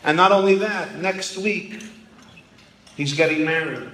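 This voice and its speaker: A man's voice: on the high side, a little slow, background noise, natural voice. A man doing a proud, chatty sixty-year-old. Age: 60s. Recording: echoey hall with faint ambience.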